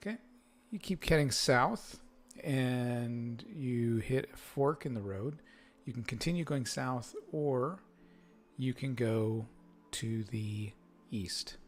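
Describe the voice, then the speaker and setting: A man running a tabletop game as game master, setting each scene at an unhurried, deliberate pace. His narration halts on fillers and restarts as he reads out the surroundings. His voice sits at an ordinary middle pitch. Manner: slow, halting narration with fillers.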